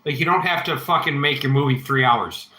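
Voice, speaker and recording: A man's voice: medium pitch, a little fast, bright, forceful tone, roomy sound, slight background noise, low-quality recording. A man hosting a casual livestream Q&A, rambling through blunt, profanity-laced opinions while answering chat.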